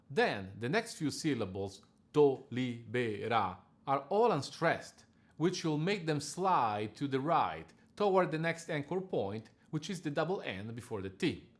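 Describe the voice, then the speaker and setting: A man delivering a measured, precise scripted lesson as a diction coach. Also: medium pitch.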